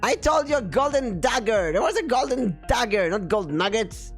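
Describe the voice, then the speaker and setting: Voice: medium pitch, expressive, normal speed, soft background music, pitched above the performer's own voice, lightly acted. A game master voicing a grumpy talking gem that scolds and insults the player. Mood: scolding. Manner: scolding, calls others stupid.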